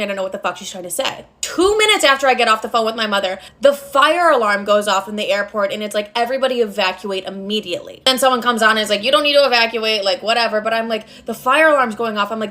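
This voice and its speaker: A woman's voice: on the high side, bright, forceful tone. A young woman casually telling a personal travel story, chatty and full of swearing and "like.". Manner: chatty, swears constantly, fillers of "like".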